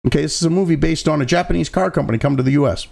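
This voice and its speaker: Middle-aged male host, slightly high, gravelly voice, angry profane political rant. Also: very fast, a little mellow. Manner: angry, profanity-laden, sarcastic.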